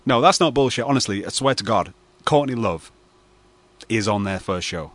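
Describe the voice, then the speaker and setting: A man's voice: on the low side, animated, moderate pace, a bit bright, dry recording. A man hosting late-night radio banter, spinning a mock-serious story full of fillers. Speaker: radio host.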